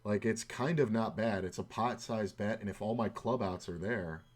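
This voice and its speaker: A man's voice: lowish voice, moderate pace. A man streaming online poker from home, talking through his hands and chatting casually with muttered, frustrated asides. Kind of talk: casual poker commentary and chat. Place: home room at a computer. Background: faint hum and keyboard clicks.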